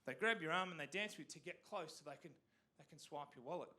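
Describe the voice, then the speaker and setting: Aussie bloke doing stand-up, high bright voice, swears a lot, rambles. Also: male voice, fast talker. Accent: Australian. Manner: animated, rambling, profane. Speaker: stand-up comedian. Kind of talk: stand-up comedy storytelling. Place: community theatre stage.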